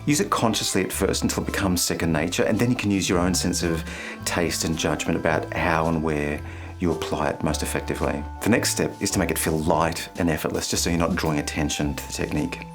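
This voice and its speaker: A man hosting a singing lesson, speaking clearly and playfully and singing short phrases to show the point. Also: low-pitched, steady tone, fast, soft background music. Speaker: vocal coach and channel host.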